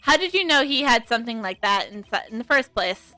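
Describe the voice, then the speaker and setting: A woman streamer reading a game aloud in an earnest, quick way with frequent self-corrections. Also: a little high, animated, bright, forceful tone, no echo, faint music behind.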